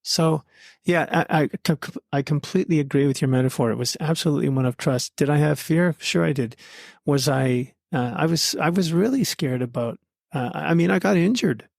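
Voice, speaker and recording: A man's voice: fairly high pitch, normal speed, gravelly, a little mellow, no echo, studio quality. A man being interviewed as a podcast guest, telling his story in an earnest, heartfelt conversational way.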